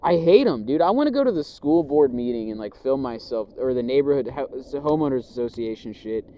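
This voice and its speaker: Man from Houston, vlogging from behind the wheel: mellow, dark tone, profane slangy rant, coughing, faint engine hum behind. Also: mid-range voice, lively intonation, a little fast. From Houston, Texas. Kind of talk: casual rambling monologue. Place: inside a car while driving. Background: car engine and road noise.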